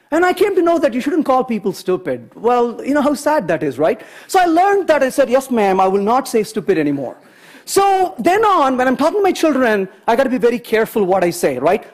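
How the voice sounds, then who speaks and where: A man giving a conference programming talk, chatty and animated, often checking in with the audience. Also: very high-pitched. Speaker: conference speaker. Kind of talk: technical talk with anecdotes.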